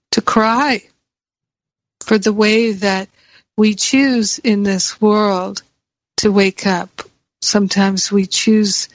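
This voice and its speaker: Slow, earnest woman teaching spirituality. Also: mid-range voice, no room sound, highs cut off. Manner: slow, earnest, repeats key phrases. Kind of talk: reflective spiritual talk.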